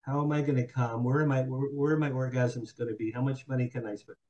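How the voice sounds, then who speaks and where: Candid older man with a mellow voice. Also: mid-range voice, fairly even intonation, muffled recording. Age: 60s. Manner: frank, halting, many fillers and repeats. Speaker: guest, publicist and author. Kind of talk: candid personal storytelling. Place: Hollywood.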